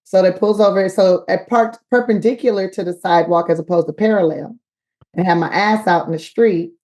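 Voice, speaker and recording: A woman telling a story with animated, slangy energy as a comedian guest. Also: lowish voice, a little fast.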